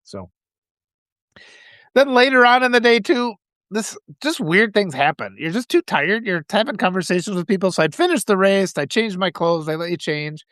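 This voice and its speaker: A man hosting a live video, telling rambling, animated anecdotes full of restarts. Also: high-pitched, moderate pace, dry recording, clean studio sound. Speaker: live-stream host. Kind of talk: casual storytelling on a live video.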